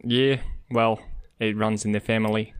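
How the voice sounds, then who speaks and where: A man's voice: lowish voice, little pitch movement, moderate pace, clean tone. A man co-hosting a casual podcast, hesitant and often repeating his words. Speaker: podcast co-host.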